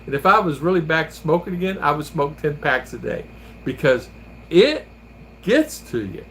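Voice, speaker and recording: A man hosts a vlog, chatting casually, laughing often and telling rambling stories. His voice is on the high side with big pitch swings, a bit bright, at normal speed, with a little hiss or hum in the recording.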